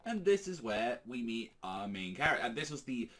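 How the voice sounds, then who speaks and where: A man's voice: medium pitch, very animated, normal speed, fairly bright tone. A man giving a casual, rambling manga reaction, full of fillers and swearing. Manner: rambling, filler-heavy, profane. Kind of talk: casual chat.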